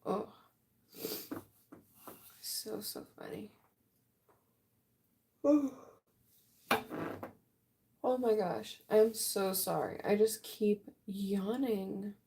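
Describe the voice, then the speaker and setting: A woman in her late twenties chatting casually with viewers while she paints on a livestream. She is relaxed and talks at an easy pace, yawning often as she answers the chat. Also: mid-range voice, drawn-out words, creaky, long pauses, a little hiss or hum. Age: late 20s. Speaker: livestream artist. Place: art room at home.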